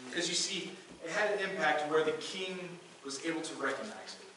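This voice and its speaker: A man preaching in a church sanctuary, his voice bright and forceful as he talks through the lesson and often stumbles over his restarts. The sound is very roomy and echoing, picked up from some distance away from the mic. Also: on the high side, animated, fairly quick, hardly any pauses, a little hiss or hum. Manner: conversational preaching with frequent restarts. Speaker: pastor. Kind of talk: sermon. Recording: echoey room, voice from a distance.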